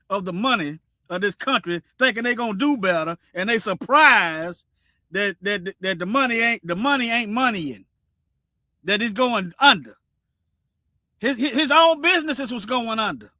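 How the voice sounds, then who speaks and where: Brief: male stream host, preachy and repetitive, sharp high voice. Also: dry recording, clean studio sound. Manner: preachy, repeats himself, animated. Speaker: livestream host. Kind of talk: casual commentary livestream.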